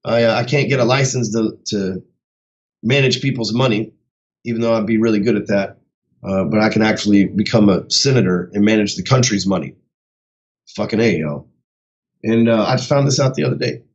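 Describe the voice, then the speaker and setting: A man's voice: lowish voice, brisk, lo-fi sound. A man who coaches sales, giving a casual motivational talk in a blunt, heavily profane way.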